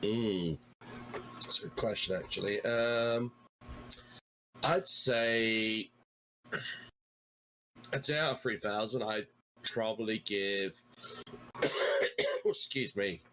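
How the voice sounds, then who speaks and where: Bright-voiced, low-pitched podcast guest man. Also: slow pace, pauses often, slight background noise, rough recording. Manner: relaxed, swears casually. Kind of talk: casual chat.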